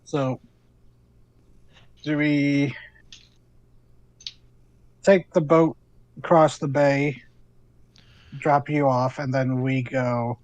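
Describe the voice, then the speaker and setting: A man's voice: mid-range voice, no room sound, rough recording. A man playing a tabletop game, thinking aloud and planning with many fillers. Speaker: player.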